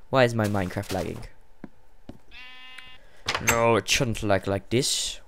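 A man giving casual gameplay commentary, excitable and jumpy, rambling and yelping as he plays. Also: lowish voice, moderate pace, vocal fry, a little hiss or hum. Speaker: let's play gamer.

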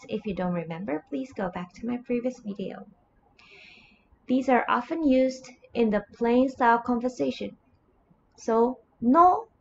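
A woman teaching an online grammar lesson in English with a Japanese accent, speaking slowly and carefully and repeating example phrases. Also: a little high, dull audio, a little hiss or hum. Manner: slow, careful, repeats example phrases with rising and falling intonation.

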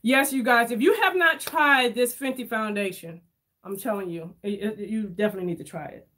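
A woman chatting casually with her viewers while doing her makeup, telling stories in an animated way and reading their comments aloud. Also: on the high side, fairly quick, a little hiss or hum. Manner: chatty, animated storyteller, addresses viewers as y'all. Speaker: beauty vlogger reading live chat.

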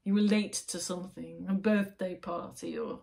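A woman's voice: on the low side, steady tone, normal speed, vocal fry, warm tone. A woman reading tarot cards to camera at home, rambling and chatty, often breaking off mid-sentence. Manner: chatty, rambling, self-interrupting, emphatic. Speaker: tarot reader, channel host. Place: at home, lit by her computer.

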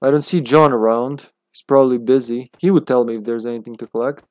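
A man's voice: mid-range voice, steady tone, quick pace, darkish tone, no room sound. A man chatting playfully and laughing as he plays a game on a live stream.

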